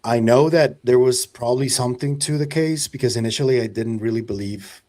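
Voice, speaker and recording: A man's voice: medium pitch, brisk, darkish tone. A man who reports on UFO cases, talking casually on a podcast and hesitating often with fillers.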